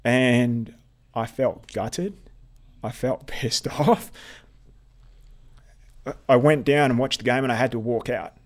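A man recounts a hard personal story to an interviewer at a middling pitch. He speaks haltingly, stumbling over and repeating words. His language turns blunt when he is annoyed. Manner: blunt, swears when upset. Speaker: interviewee, veteran athlete.

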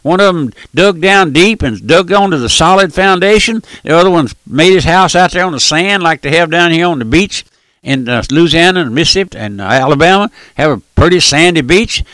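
A man's voice: a little high, fairly bright tone, no room sound. An older man preaching a radio sermon, emphatic and folksy.

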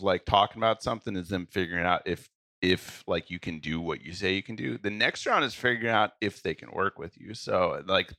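A man's voice: lowish voice, pushed and bright, no room sound, clean studio sound. A man co-hosting a casual music review podcast, laughing often and giving earnest advice. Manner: giggly, gives earnest advice. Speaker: podcast co-host. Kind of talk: casual chat.

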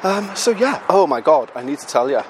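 A man's voice: a little high, very animated, fairly quick, background noise. A British podcast host, a man, chatting casually and self-mockingly while out walking, a little out of breath, with the odd swear word. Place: outdoors on a city street.

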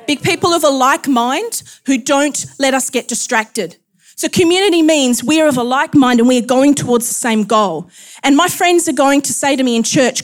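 High-voiced chatty woman preaching. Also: normal speed. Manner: chatty, laughs often, self-deprecating asides. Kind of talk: sermon.

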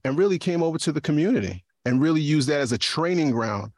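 A man's voice: fairly high pitch, expressive, quick pace, darkish tone, dry recording, studio quality. A man and podcaster talking in a casual discussion, often repeating words as he thinks. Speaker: podcaster and guest.

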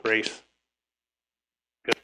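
This preacher speaks very slowly in a sharp-toned voice, reading scripture and urging his audience in an emphatic, exhorting way. Restarts come up frequently.

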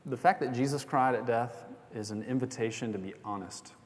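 A man's voice: medium pitch, fairly quick. A young man preaching a sermon as pastor, telling a story in a conversational way with small jokes and asides. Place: church sanctuary. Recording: long hall reverb.

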